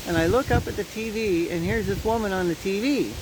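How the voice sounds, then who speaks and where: A man's voice: high voice, brisk. A man from Canada telling a personal story in a casual, chatty vlog, laughing at his own tale, recorded outdoors in the wind. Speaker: vlogger. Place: outdoors on a windy day. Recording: light wind noise outdoors.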